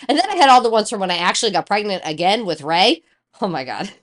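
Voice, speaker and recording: A woman's voice: medium pitch, fast talker. A woman, co-hosting a casual chat show and telling a personal story, swearing freely and acting out the voices of the people in it. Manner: animated, swears freely, acts out quoted voices. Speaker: podcast co-host.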